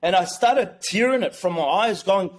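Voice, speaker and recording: A man telling a personal story in a rambling, excited way, swearing and acting out what people said. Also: sits high, moderate pace. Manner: acts out quotes. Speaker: guest. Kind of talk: casual storytelling.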